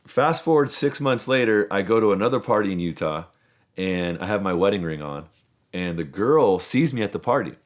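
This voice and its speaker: A man's voice: on the low side, lively intonation, moderate pace. A man in his thirties hosting a podcast, telling long, rambling stories in casual chat and swearing freely. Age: 30s. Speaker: podcast host.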